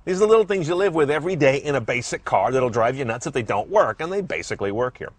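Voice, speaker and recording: A man presenting a product review in a brisk, wry and opinionated way, with faint music behind him. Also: medium pitch, expressive, dry recording. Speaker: car reviewer. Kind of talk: scripted product review narration.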